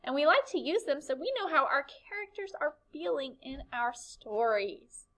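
A woman's voice: sits high, sing-song, normal speed, fairly bright tone, rough recording. A woman teacher giving a recorded writing lesson to young children, upbeat and encouraging, asking the class questions.

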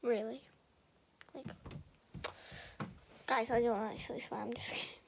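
A woman's voice: fairly high pitch, steady tone, measured pace, gravelly, slight background noise. A young woman rambling to the camera in a casual vlog, defiant and mock-tough. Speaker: vlogger.

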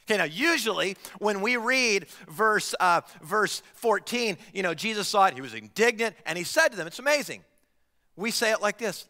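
A male pastor delivers a sermon in a church sanctuary, his fairly high, bright voice swinging widely in pitch. He speaks in an animated way and keeps putting questions to his listeners, with a long hall reverb trailing each phrase. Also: moderate pace. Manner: animated, asks the congregation direct questions.

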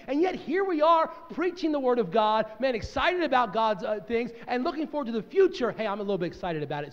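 A middle-aged male pastor preaching an energetic, joking sermon, swinging from loud to quiet. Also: sits high. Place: church sanctuary. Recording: dull sound in a reverberant church hall.

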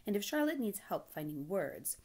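Storybook old sheep, shrewd, persuasive, gently scolding, lively delivery; a woman plays her. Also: medium pitch, normal speed. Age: older. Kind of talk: storybook reading.

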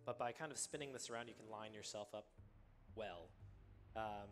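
A man commentating live on his own speedrun, explaining the game in a relaxed way with many ums and uhs. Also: on the low side, moderate pace, soft background music. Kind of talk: live commentary while playing.

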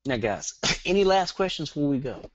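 Middle-aged Southern US man, fast, joking webinar trainer; plain dry, muffled call audio. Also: fairly high pitch, big pitch swings, dry recording. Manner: rambling, joking, fast-talking. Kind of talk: online marketing webinar.

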